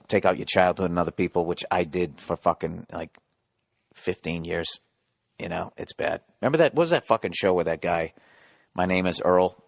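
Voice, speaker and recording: Male podcast host, lowish voice, blunt and sweary comic advice, sarcastic delivery. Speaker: podcast host reading listener letters. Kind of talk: comedic advice rant.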